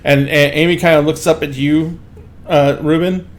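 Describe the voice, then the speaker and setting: A man's voice: fairly high pitch, steady tone, moderate pace. Rambling man running a tabletop game. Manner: rambling, loose narration full of fillers. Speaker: game master.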